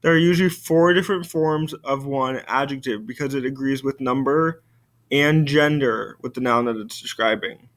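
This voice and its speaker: A man, a French teacher giving a recorded video lesson, slowly modeling words for students to repeat. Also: mid-range voice, a bit bright. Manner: slow, careful model pronunciation for students to repeat.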